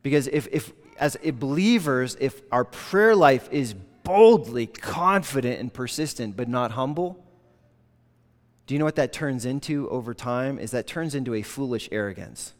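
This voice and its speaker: A man preaching a sermon in an earnest, conversational way, slipping into animated quoted voices. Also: medium pitch, moderate pace. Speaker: pastor. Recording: long reverb of a large hall.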